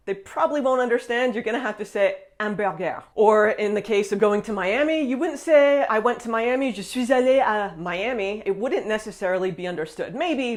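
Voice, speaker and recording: A woman talks through a casual video lesson on French. She is upbeat and moves from tip to tip with a quick "all right". Her voice sits at a middle pitch. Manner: upbeat, with frequent "all right" and list countdowns. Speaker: French language teacher.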